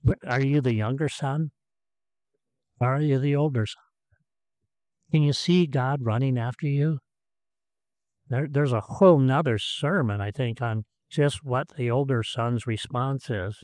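Male pastor, sermon delivery, earnest with repetitions, mid pitch, dry close recording. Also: a little slow, pauses often, dry recording. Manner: earnest, repeats words, swings between emphatic and soft.

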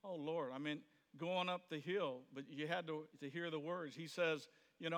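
Bright-voiced preacher in an echoing hall. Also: male voice, on the high side, steady tone, moderate pace. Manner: conversational, plays out quoted voices, rises to sudden shouts. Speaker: pastor. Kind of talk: sermon. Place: church sanctuary.

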